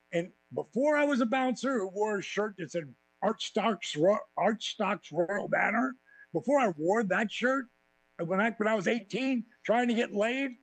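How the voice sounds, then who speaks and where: Man, podcast guest, gravelly voice, husky, dry close sound, profane storytelling. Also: high voice, no room sound, rough recording. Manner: animated, swearing freely, acts out quotes. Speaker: podcast guest, former wrestling champion.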